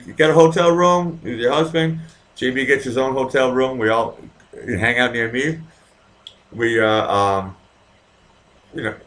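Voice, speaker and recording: A man's voice: medium pitch, a bit bright. A man with a light Boston accent hosting a casual live stream from his home, chatting with viewers in a rambling, profane way. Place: home in Vienna.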